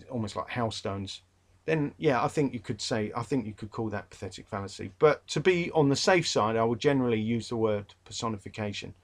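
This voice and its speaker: A man with a London accent giving a rambling, chatty revision talk to literature students, full of fillers and restarts, and emphatic about a pet peeve. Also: lowish voice. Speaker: English literature tutor.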